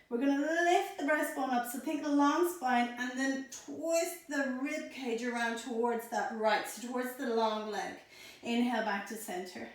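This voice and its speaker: A woman instructor guiding a pilates abs workout, calmly cueing each breath and movement, a little out of breath. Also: on the high side. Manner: calm, encouraging, counts breaths and cues. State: slightly out of breath. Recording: echoey room.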